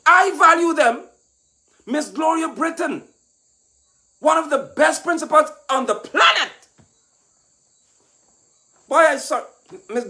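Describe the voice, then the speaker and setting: Fiery high-pitched man lecturing. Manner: mocking, lecturing, rising to shouts. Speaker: political commentator. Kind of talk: impassioned political monologue.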